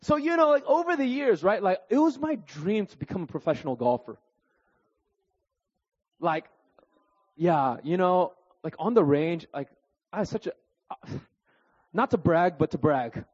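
Animated man telling stories in a hall. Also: high voice, measured pace, long pauses, slightly rough. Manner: animated, keeps adding "right?" and "okay?"; self-deprecating and jokey. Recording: dull recording with long hall reverb.

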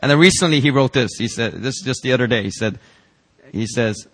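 A man pastor preaching a sermon in church, telling stories and reading out emails with lively emphasis. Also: mid-range voice, brisk.

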